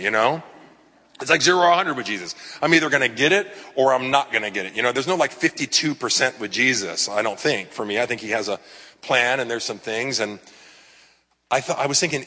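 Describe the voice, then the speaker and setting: A man's voice: mid-range voice, pushed and bright. A man preaching a sermon to his congregation, conversational and personal, with self-deprecating asides. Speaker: pastor. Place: church sanctuary with congregation. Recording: live sermon in a reverberant hall.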